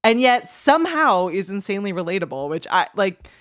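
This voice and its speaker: A woman's voice: mid-range voice, big pitch swings, a little fast. A woman guest on a podcast chatting casually, with lots of "like"s and frequent laughter. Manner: chatty, many "like"s, laughs often. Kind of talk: casual chat.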